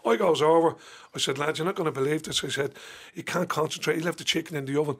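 An Irish man telling anecdotes in a casual, animated way, laughing through his stories. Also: on the high side, fast, breathy edge. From Ireland. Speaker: storyteller guest.

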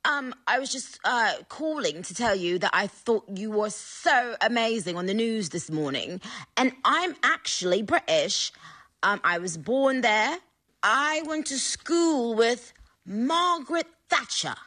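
A gushing, boastful celebrity voice in a put-on posh English accent, as a woman performs it. The pitch swoops all over and sits a bit high. The delivery is slow and drawn out. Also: expressive, pushed and bright, heavily acted. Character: impression of pop star in posh English accent. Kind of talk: comedy prank voice message.

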